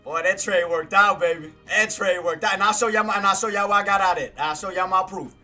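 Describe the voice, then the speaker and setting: Hyped guy doing live trading commentary, high bright voice, keeps repeating himself. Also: fast, faint music behind. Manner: excitable and boastful, repeats himself. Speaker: day-trading streamer.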